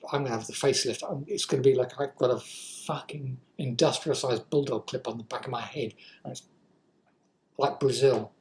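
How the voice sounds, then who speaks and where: A woman's voice: extremely low pitch, fairly even intonation, moderate pace, a little mellow, poor audio. A woman in her sixties with an English accent, vlogging in a rambling, self-deprecating way and swearing freely. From England. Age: 60s. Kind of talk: casual talk to camera.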